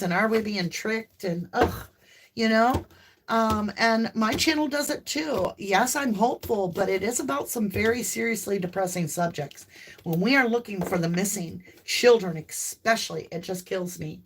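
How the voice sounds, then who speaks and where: A talkative woman with a light Southern US accent hosts a live tarot stream, rambling easily and laughing often. Her voice sits at a middle pitch, and she breaks into loud whoops. A faint hiss and some clicks sit behind her. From American South. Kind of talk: casual live-stream chat.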